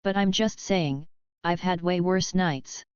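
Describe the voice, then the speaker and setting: A woman's voice: lowish voice, takes it slowly, darkish tone, smooth, no echo, dull audio. A woman voicing a sarcastic young male superhero who jokes flippantly. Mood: joking. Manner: joking, flippant.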